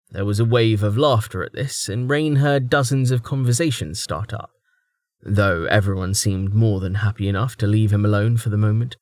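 A man narrating a fantasy audiobook in an even, measured storytelling manner. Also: fairly low pitch, no room sound, clean studio sound.

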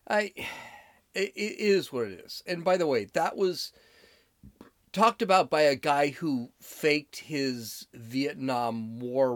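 A man talks through clips he plays, indignant and sarcastic in his commentary. His delivery is slow, with a very lively pitch that swings as he mocks. The sound is dry and close. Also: no room sound. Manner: indignant and sarcastic, mocking voices. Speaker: political commentator. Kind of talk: opinion commentary on played clips.

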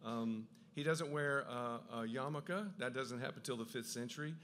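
A man giving an enthusiastic Bible talk, with quick asides and frequent restarts as he explains. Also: medium pitch, a bit bright, a little hiss or hum. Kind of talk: lively lecture on the Gospels.

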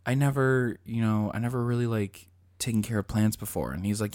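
A man co-hosting a podcast in casual chat, telling stories animatedly, laughing often and slipping into squeaky put-on voices. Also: brisk, darkish tone, dry recording, clean studio sound. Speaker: podcast co-host.

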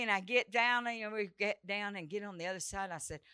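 A woman's voice: medium pitch, fairly even intonation, brisk, few pauses, pushed and bright, clear, resonant tone, no echo, clean studio sound. A woman preaching a revival sermon, telling a personal story with dramatic flair and acting out the dialogue. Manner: dramatic, breaks into sung prayer, acts out quoted dialogue.

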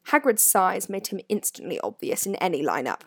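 A woman narrating a storybook in an expressive, varied reading, recorded close to the mic. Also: lowish voice, fairly quick, slightly rough, no room sound. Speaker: audiobook narrator.

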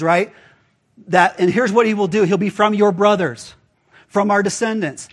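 A man's voice: high voice, fairly even intonation, normal speed. A man pastor giving a casual, conversational sermon, full of rhetorical questions to the congregation.

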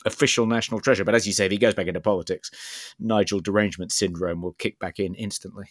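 Low-voiced man, dry and close. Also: fairly even intonation, no room sound. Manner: measured, searching for words. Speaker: podcast co-host. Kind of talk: casual political chat.

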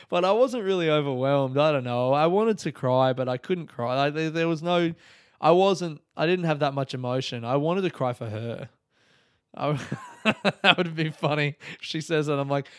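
Casual man, smooth and dry. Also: fairly high pitch, unhurried, long pauses, no room sound. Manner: rambling, swears freely, laughs often. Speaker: podcast host. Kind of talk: casual solo podcast talk.

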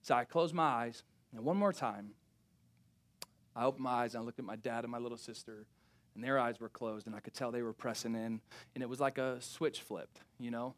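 A young adult man preaching a sermon, telling a personal story, acting out family dialogue with lively swings and dropping to quiet, intense tones at reflective moments. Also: a little fast. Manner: animated, acts out family dialogue with big pitch swings. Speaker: pastor.

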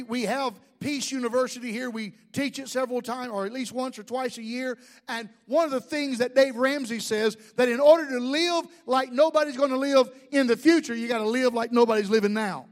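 Man, pastor, very high-pitched voice, lively sermon, jokes and asides to the congregation. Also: brisk.

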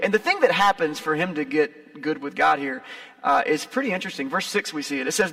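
A man delivering a casual sermon in a high, bright voice with a gravelly edge. He talks like he's chatting with the room, leaning hard into emphasis and then dropping to soft asides. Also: fairly quick. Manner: lively, conversational, swings between loud emphasis and soft asides. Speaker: preacher. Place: gym used as a church.

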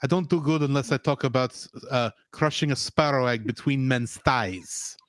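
A man's voice: medium pitch, normal speed, no echo. Ranting podcast co-host, a man. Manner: ranting, animated. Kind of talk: casual chat.

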